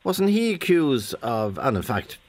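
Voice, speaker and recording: A man's voice: medium pitch, very animated, unhurried, a little mellow. A man with a Dublin accent hosting a radio phone-in, chatty and self-deprecating, often cutting in. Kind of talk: casual radio chat.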